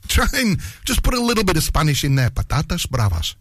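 A man hosts a radio food show from the studio, chatting casually and cracking jokes. His pitch sits a touch high and swings a lot, and the studio sound is close and dry. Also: big pitch swings, fast talker, a bit bright, dry recording. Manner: chatty, jokey, laughs a lot.

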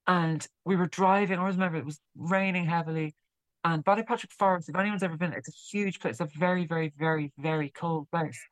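A woman's voice: fairly low pitch, no room sound, rough recording. A woman musician being interviewed, chatting casually and repeating words as she tells a story. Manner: halting, repeats words while telling a story. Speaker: guest musician.

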